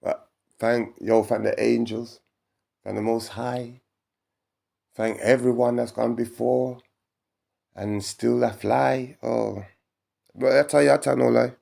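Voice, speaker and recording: Gravelly man, rambling spiritual talk. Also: mid-range voice, slow pace, pauses often. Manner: animated, laughs often, preachy. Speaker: vlogger.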